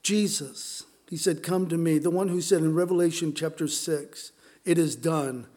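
A middle-aged Southern California pastor tells personal stories during a conversational sermon, using plenty of fillers. He speaks at a normal speed with fairly even intonation, in a mellow voice that's a little high.

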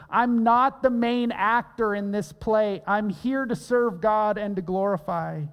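Male pastor, unhurried emphatic sermon delivery, long hall reverb. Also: high voice. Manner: earnest, emphatic preaching with repeated phrases.

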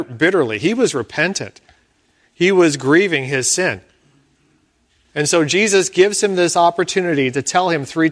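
Slow, measured man preaching a sermon. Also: a little high, fairly bright tone. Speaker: pastor.

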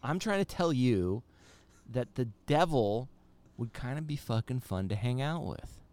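A man's voice: mid-range voice, a little slow. A man co-hosting a podcast, teasing and swearing his way through casual banter. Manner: profane, teasing, animated. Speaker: podcast co-host.

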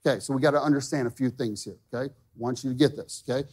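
A man's voice: mid-range voice, fairly even intonation, fast, few pauses, darkish tone, slightly rough. A man in his thirties preaching a sermon in a conversational way, often checking in with "okay?". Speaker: pastor.

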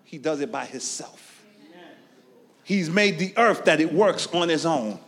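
A high-voiced preacher whose pitch leaps all over as he calls on the congregation to answer him. His delivery is slow and drawn out, shouting one line and dropping almost to a murmur the next. The sound rings with the long echo of a big hall. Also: animated. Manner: call-and-response preaching, swinging from shouts to near-whispers. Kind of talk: sermon. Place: church sanctuary. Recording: long reverb of a large hall.

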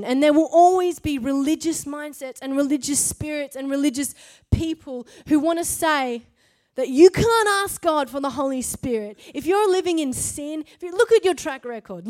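A woman preaching a sermon at a church service, emphatic and rhetorical, punctuating her points with quick checks to the crowd. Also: high voice, darkish tone.

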